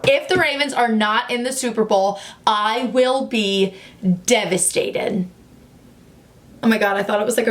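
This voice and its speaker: Excitable high-voiced young woman vlogger. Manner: animated, gushing, excitable. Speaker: sports vlogger. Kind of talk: casual football reaction vlog.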